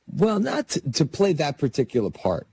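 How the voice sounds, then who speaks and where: Lively male actor telling stories. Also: a little high, moderate pace, slightly rough. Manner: animated storyteller, laughs through anecdotes. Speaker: guest actor. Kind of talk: casual anecdote telling.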